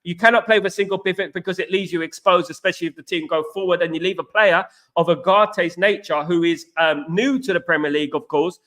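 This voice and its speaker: A man's voice: sits high, fast, few pauses, fairly bright tone. A man from East London with an East London accent hosting a casual livestream, bantering with viewers in slang and repeating catchphrases. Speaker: livestream host. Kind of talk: casual livestream chat reading viewer comments.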